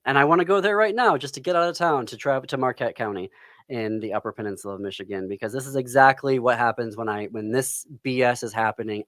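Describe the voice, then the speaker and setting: Angry podcast host, dry close mic. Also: male voice, medium pitch, a bit bright, no echo. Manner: angry, pauses and sighs, near tears. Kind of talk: impassioned political commentary. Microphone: close studio microphone.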